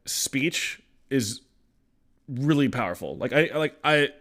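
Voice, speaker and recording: A man's voice: medium pitch, animated, slow, fairly bright tone. A young man streaming, talking casually and giving earnest advice, rambling with many fillers and swear words. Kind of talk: casual chat.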